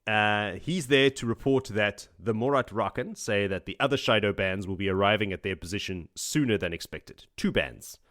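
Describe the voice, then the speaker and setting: Guy with a lowish voice doing a chatty book recap podcast, jokey, dry sound. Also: fairly bright tone, no echo. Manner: joking, chatty, laughs often. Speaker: podcast host.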